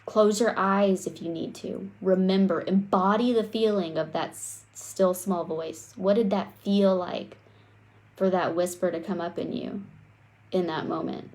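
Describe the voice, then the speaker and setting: A young adult woman giving a live coaching talk on self-worth, speaking straight to her viewers in a lively, conversational way. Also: on the low side, measured pace. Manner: animated, conversational, addresses viewers directly.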